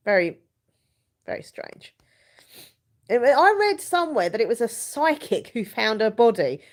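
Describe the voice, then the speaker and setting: A woman's voice: a little high, sing-song, measured pace. A young woman hosting a casual live chat from home, rambling and giggling as she reads viewers' comments. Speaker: live stream host.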